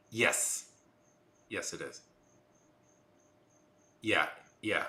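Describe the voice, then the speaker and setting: A man's voice: on the low side, expressive, normal speed, pushed and bright, roomy sound. A man hosting a casual live chat, rambling with many restarts and fillers. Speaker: livestream host.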